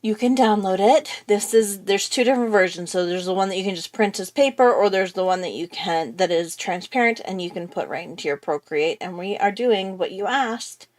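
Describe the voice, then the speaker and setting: A woman hosting a relaxed live drawing lesson, talking her viewers through each step. She rambles in a chatty way, thinking aloud and trailing off as she draws. Her pitch sits in an ordinary middle range. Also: a little fast, hardly any pauses. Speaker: art tutorial host. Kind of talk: casual live drawing tutorial.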